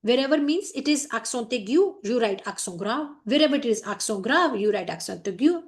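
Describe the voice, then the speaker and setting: A woman's voice: fairly high pitch, lively intonation, a little fast. A middle-aged Indian woman teaching French, explaining each phrase and firmly warning students about common mistakes. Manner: switches between French, English and Hindi, explaining each phrase; firm, scolding reminders about mistakes. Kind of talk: classroom lesson explaining a letter.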